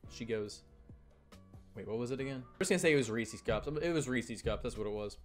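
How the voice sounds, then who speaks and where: A man's voice: mid-range voice, animated, fairly quick, faint music behind. A young man casually telling a rambling camp story, often correcting himself and acting out quotes. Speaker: storytelling vlogger.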